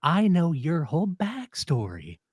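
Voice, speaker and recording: A man hosting a podcast in casual chat, crude and profane, excitable, jumping between topics. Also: fairly high pitch, measured pace, husky, no echo, studio quality. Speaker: podcast host.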